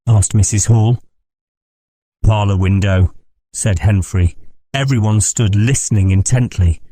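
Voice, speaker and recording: A man narrating an audiobook in a measured, steady reading. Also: on the low side, breathy edge, dry recording, clean studio sound.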